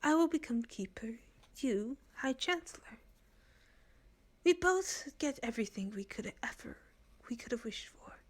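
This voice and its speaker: Rich: A cool, scheming noblewoman from a story game, pitched a little above an everyday voice and dropping into a breathy half-whisper, as a woman puts her on. She lays out her plans in a low, calculating murmur, all business and no romance. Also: lively intonation, unhurried. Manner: hushed, half-whispered persuasion.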